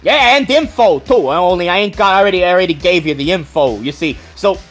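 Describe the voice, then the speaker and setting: A man's voice: high voice, expressive, fast, fairly bright tone, soft background music, pitched above the performer's own voice. A man voicing a chatty, shifty male street food vendor who rambles in slang and stumbles over his words.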